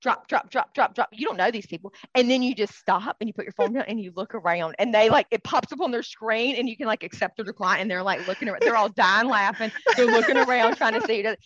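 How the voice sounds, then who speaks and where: A young woman co-hosting a casual podcast, talking in an animated, teasing way and laughing often. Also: fairly high pitch, fast, hardly any pauses, no echo, lo-fi sound. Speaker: podcast co-host. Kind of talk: casual chat.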